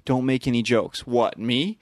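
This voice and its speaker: A man's voice: mid-range voice, fairly even intonation, no room sound. Podcast co-host, male, blunt and profane, dry booth sound. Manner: profane, emphatic, halting with restarts. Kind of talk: casual chat.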